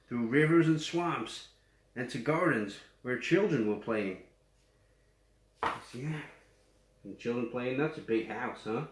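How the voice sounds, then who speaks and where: Slow-reading Yorkshire storyteller man. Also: medium pitch. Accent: West Yorkshire. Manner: chatty asides to young listeners. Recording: roomy echo.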